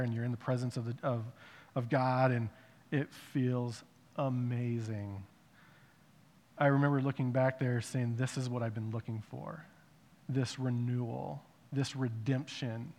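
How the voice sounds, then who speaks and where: A man giving a personal testimony in a conversational way, rising to emphatic bursts and dropping to hushed reflection. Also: mid-range voice. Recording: long reverb of a large hall.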